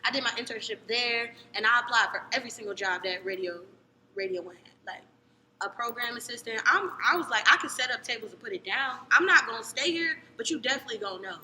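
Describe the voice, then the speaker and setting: A young woman from Cleveland telling a story in casual podcast chat, animated, jumping between loud excited bursts and low murmurs. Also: fast. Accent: American, Cleveland. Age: young adult. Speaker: podcast co-host. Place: podcast studio. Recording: echoey room with long reverb, faint noise.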